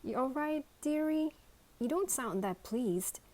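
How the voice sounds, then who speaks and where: A kindly old sheriff with a folksy, homely drawl, put on by a woman reading a storybook. The voice is pitched above her narrating voice, and the delivery is slow. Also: animated, warm tone.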